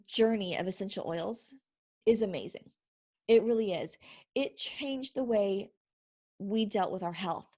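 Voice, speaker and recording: A woman's voice: fairly high pitch, darkish tone, breathy edge. A middle-aged woman, a mother, giving a chatty, encouraging how-to vlog and laughing often. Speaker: vlogger. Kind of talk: casual instructional vlog.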